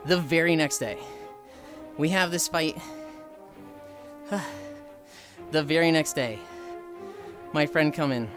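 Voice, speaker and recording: A man's voice: on the high side, takes it slowly, pauses often. A man in his late twenties, a streamer swearing freely as he tells stories to his chat. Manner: profane, animated, acts out voices in quotes. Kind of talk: casual storytelling to chat. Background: faint music.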